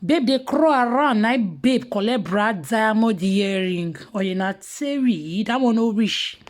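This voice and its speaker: A woman with a Nigerian Pidgin accent telling gossip in casual commentary, mocking and animated, sometimes dropping to hushed asides. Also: fairly high pitch, a little slow. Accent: Nigerian Pidgin English.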